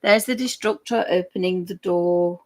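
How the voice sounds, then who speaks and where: A woman's voice: lowish voice, moderate pace, darkish tone. A woman chatting casually and giggling as she draws live for viewers. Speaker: digital artist streamer. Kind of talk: casual chat while drawing live.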